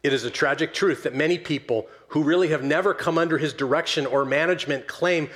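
A man preaching a sermon to his church as pastor, swinging from loud emphatic stresses down to soft, slow closing words. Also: fairly high pitch. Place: church sanctuary.

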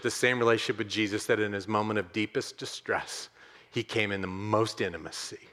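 A male pastor preaching a sermon, repeating key phrases and speaking directly to his listeners as friends. He swings between loud, emphatic outbursts and quiet, tender, hushed passages. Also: fairly low pitch, steady tone, a little fast. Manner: addresses the congregation directly as friends.

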